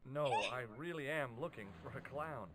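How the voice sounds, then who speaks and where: A man's voice: mid-range voice, normal speed, a bit bright, a little hiss or hum, close to an everyday voice. An actor with an American accent playing a dry-humored young American man investigating, speaking in sarcastic quips in a video game. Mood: questioning. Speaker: game protagonist.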